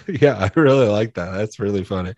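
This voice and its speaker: A man's voice: lowish voice, animated, a little slow, a little mellow, no echo, dull audio. A man hosting a podcast in casual chat, laid-back, repeating himself and swearing casually. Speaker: podcast host.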